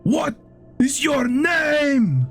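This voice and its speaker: A man's voice: extremely high pitch, very animated, very slow, creaky, a bit bright, soft background music, pitched above the performer's own voice, exaggerated voice. A man voicing a stern, commanding male war veteran in a tabletop game.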